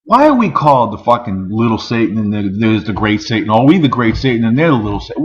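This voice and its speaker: A man's voice: mid-range voice, very animated, brisk, fairly bright tone, lo-fi sound. A man in an angry, profane rant, firing off rhetorical questions. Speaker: vlogger.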